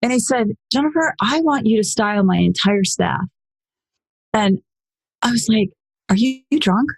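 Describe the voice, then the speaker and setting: Woman in her 40s chatting on a podcast, animated, jumps up in pitch for quotes, dry sound. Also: moderate pace, gravelly, breathy edge, dry recording. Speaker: guest. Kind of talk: casual storytelling interview.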